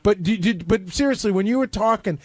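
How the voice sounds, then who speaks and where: A man's voice: high-pitched, a little fast, dry recording. A man on a radio show arguing pointedly and teasing a colleague in casual studio banter.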